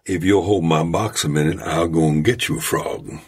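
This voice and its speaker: A man's voice: low voice, moderate pace, breathy edge. A man voicing a wily frontier gambler, talking in an easy, careless drawl. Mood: easygoing.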